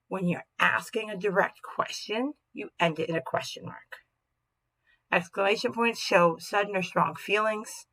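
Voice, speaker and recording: In a low-quality recording, a woman teaches a recorded grammar lesson in a mid-range, slightly bright voice at a moderate pace. She stays upbeat, tags her statements with "right?" as she checks in, and acts out her example sentences expressively.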